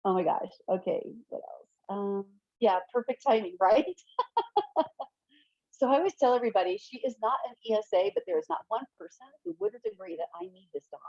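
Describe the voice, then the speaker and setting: A middle-aged woman giving an online fair housing training from her home office, chatty and quick to laugh, often correcting herself mid-sentence. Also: a little high, sing-song, creaky, darkish tone, dry recording. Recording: dull, lo-fi webinar audio.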